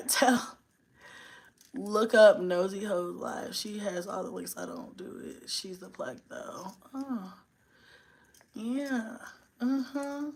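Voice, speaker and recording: A woman's voice: medium pitch, expressive, extremely slow, darkish tone. A young woman, chatting bluntly and profanely on a live stream and laughing often. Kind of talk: casual live-stream chat.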